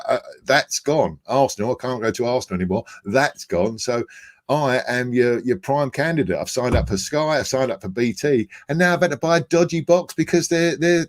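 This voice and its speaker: An older man from England holds forth in a casual football podcast. His voice sits a little low, and he rants bluntly, with plenty of swearing. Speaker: podcast host.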